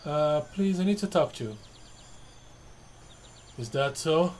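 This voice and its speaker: A man's voice: a little high, expressive, takes it slowly, a little mellow, slight background noise. A man casually playing through a narrative game, reading dialogue choices aloud, repeating lines and adding wry asides. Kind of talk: casual let's-play commentary. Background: game music.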